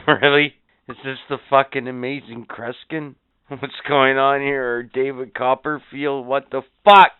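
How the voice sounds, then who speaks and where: Brief: male podcast co-host, sarcastic and profane, smooth voice with a touch high, dry phone-like sound. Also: little pitch movement, measured pace, no echo. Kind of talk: crude casual chat.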